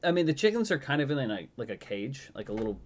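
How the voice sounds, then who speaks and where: A man's voice: medium pitch, very animated, fast talker. A man narrating as game master of a tabletop game, rambling with many fillers.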